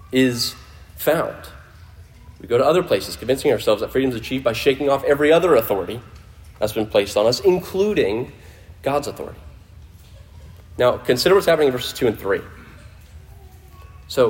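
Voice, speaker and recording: A man preaching a sermon to a congregation in a conversational way, often restarting phrases and dropping his voice low for emphasis. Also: animated, normal speed, pauses often. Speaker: pastor. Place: church in front of a congregation.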